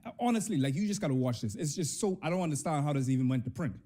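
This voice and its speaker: A young man with a Bahamian accent telling a comic personal story, swinging between high and low pitch. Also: animated, racing, over loud music.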